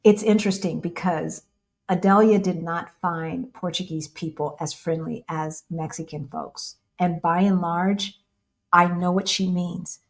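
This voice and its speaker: A woman's voice: fairly low pitch, steady tone, a little slow. An American woman hosting a casual livestream with her partner, chatting and answering viewer questions. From United States. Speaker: co-host of a livestream.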